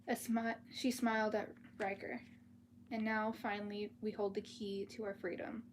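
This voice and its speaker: A woman's voice: mid-range voice, level tone, moderate pace. Casual livestream storyteller, woman, mid-range voice, reads a fantasy novel, faint room noise behind her. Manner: casual, chatty, restarts words and apologizes. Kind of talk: live-streamed book reading with chat asides. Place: at home, dogs outside the door.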